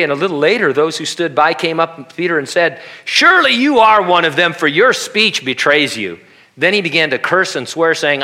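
Male pastor, bright and forceful tone, chatty sermon delivery with jokes and acted quotes. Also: on the high side. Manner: conversational preaching with humorous asides and acted-out quotes.

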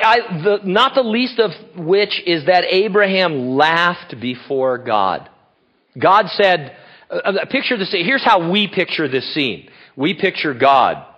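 A man's voice: fairly high pitch, dull audio. An older man giving a sermon as a pastor, rambling and joking and breaking into laughter.

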